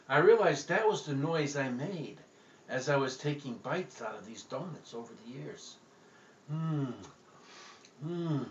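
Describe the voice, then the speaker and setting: A man telling a comic story in a deadpan, halting way, with frequent pauses, in an echoey room with dull, lo-fi sound. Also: mid-range voice, a little hiss or hum.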